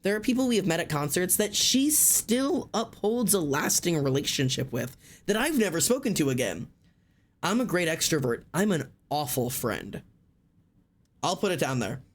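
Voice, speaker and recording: A man chats casually with his live stream audience, excitable and blunt, repeating words, saying "like" a lot, and swearing freely. His voice is high-pitched at a normal speed, with slight background noise.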